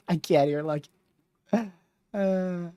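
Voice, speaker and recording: A woman giving lively live-stream commentary while guiding a storm chaser, often laughing and talking to her chat. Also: on the low side, very slow, no echo, studio quality.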